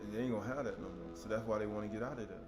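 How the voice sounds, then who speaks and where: Man preaching a lively, conversational sermon. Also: lowish voice, very fast, music in the background. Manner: animated, conversational preaching with vocal outbursts.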